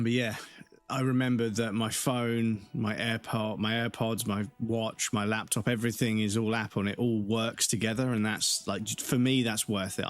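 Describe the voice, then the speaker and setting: Rambling man streaming a game. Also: on the low side. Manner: rambling, swearing, yawning asides, greeting viewers. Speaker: live streamer. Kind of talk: casual chat over gameplay.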